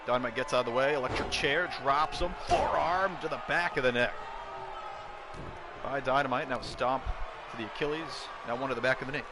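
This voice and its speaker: A man commentating a wrestling video game play-by-play, excitable, breaking into shouts at big moves. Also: mid-range voice, a little fast, background noise.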